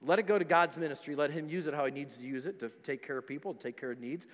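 A pastor preaching a sermon, emphatic and repetitive, dropping to quiet stretches between louder ones. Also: male voice, a little high, quick pace, in a large hall. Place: church sanctuary.

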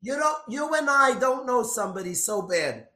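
A man giving an impassioned storytelling sermon, swinging between loud outbursts and hushed lines. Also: extremely high pitch, lively intonation, normal speed. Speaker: speaker giving a religious talk. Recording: echoey room.

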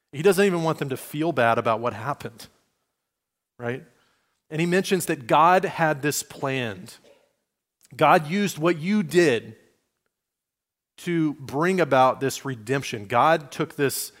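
A male pastor gives a lively, conversational sermon, acting out the voices he quotes and restarting phrases as he goes. His voice sits in the mid range.

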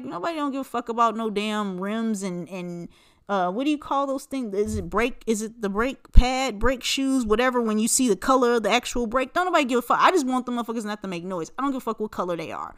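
Forties woman ranting on her podcast, smooth clear voice, cusses a lot, rambly, tons of likes and you knows. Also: fairly high pitch, fairly bright tone. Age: 40s. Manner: blunt, profane, rambling gossip with many fillers. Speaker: podcast host. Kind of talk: casual solo podcast chat.

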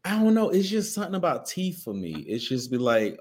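A man's voice: a little high, sing-song, a little fast, darkish tone. Blunt, profane man on a podcast. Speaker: podcast co-host. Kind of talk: casual chat.

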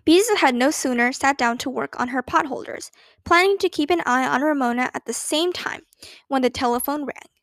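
A woman reading a children's book aloud in a gentle, expressive way. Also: high voice, fairly quick, dry recording. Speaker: storyteller.

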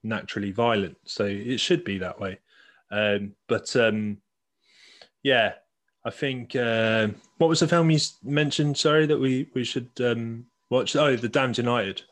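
A man's voice: medium pitch, a little slow. A man co-hosting a casual film podcast, chatty and laughing often. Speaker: podcast co-host. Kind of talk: casual chat.

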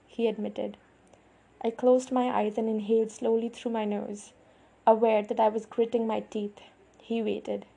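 A woman reading a novel aloud in the first person, with even, measured storytelling. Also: fairly high pitch, gravelly, husky. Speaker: audiobook narrator.

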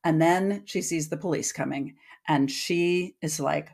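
A woman's voice: low voice, unhurried, vocal fry, a little mellow. A woman guest author in casual podcast chat, retelling a story loosely with lots of fillers.

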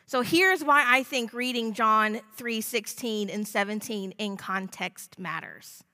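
Slow, bright-voiced woman preaching. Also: fairly high pitch, big-room sound. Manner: measured, deliberate preaching. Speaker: pastor. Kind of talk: sermon.

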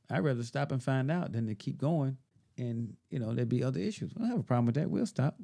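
This man's voice is medium-pitched, creaky, and warm, with lively intonation and a fast delivery. As a podcast co-host in casual chat, he tells a story and acts out the quoted dialogue.

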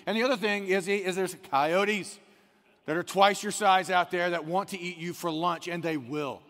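Pastor guy, kinda high gravelly voice, chatty animated storytelling, echoey church hall. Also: moderate pace. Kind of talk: sermon.

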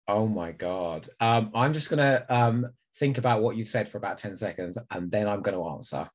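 A man's voice: lowish voice, moderate pace. A man co-hosting a podcast in casual comedic chat, teasing his partner and giggling often. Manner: teasing, giggly, playful banter. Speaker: podcast co-host.

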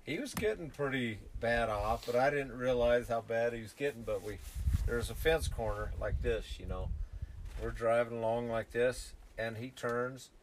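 A man's voice: mid-range voice, slight background noise. A man telling profane, laughing stories in a casual chat about hunting. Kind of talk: casual storytelling.

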